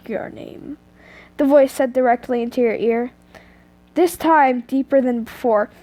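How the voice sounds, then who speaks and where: A woman's voice: sits high, darkish tone. A teenage girl reading fanfiction aloud at home on an earphone mic, chatty and giggly, with self-mocking asides.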